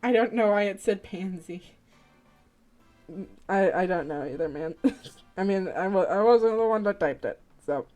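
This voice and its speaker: Woman streamer, unhurried rambling chat, profane, giggly. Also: mid-range voice, animated, a little mellow, soft background music. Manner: rambling, profane, laughs often. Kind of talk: casual live-stream chat.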